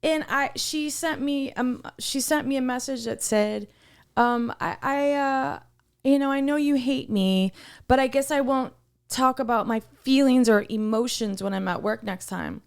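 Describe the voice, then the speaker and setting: A woman's voice: high voice, unhurried, vocal fry, smooth. A woman co-hosting a podcast, telling a workplace story in casual, heated talk, swearing often. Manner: swears a lot, heated and animated retelling. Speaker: podcast co-host.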